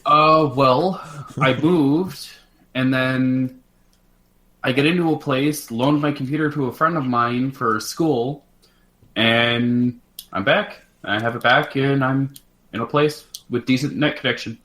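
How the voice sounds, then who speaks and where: A man's voice: medium pitch, steady tone, slow, sharp tone. A man from Canada co-hosting a casual podcast, laid-back and wry. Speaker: podcast co-host. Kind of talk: casual chat.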